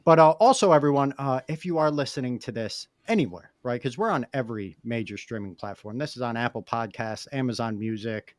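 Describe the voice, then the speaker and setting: A man co-hosting a podcast in casual chat, hyped and energetic, with frequent swearing. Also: mid-range voice, fairly quick, hardly any pauses, no room sound. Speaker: podcast co-host.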